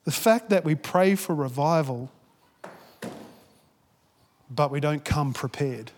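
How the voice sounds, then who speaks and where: A man preaching a sermon, swinging from loud urging to hushed storytelling. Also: a little high, lively intonation, slow, long reverb tail, a little hiss or hum. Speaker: pastor.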